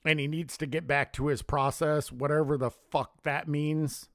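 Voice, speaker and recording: A man's voice: fairly high pitch, flat delivery, normal speed, no echo, studio quality. A man delivering a heated, profane solo rant as a sports commentary vlogger, scornful and blunt. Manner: heated, profane, contemptuous ranting.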